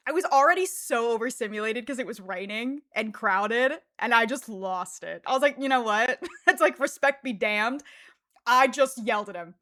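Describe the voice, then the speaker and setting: Female streamer, casual chatty storyteller, higher voice, dry close mic. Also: normal speed, hardly any pauses, no room sound. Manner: animated storytelling, laughs often, fillers like "like". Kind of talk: casual livestream chat.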